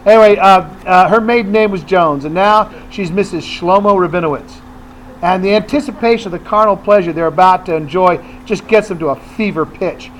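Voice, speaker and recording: A man's voice: high voice, fairly quick, slight background noise, poor audio. A man hosting a radio show, telling long jokes with relish in casual banter. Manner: tells long jokes with relish, acting out lines.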